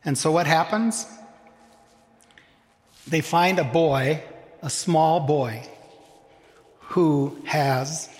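A man preaching a sermon as pastor, slow and deliberate with dramatic pauses, addressing his congregation. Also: on the high side. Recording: long hall reverb.

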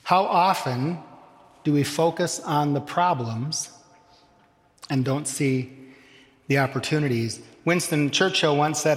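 A man preaching a sermon as pastor, slow and deliberate with dramatic pauses, addressing his congregation. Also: on the high side. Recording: long hall reverb.

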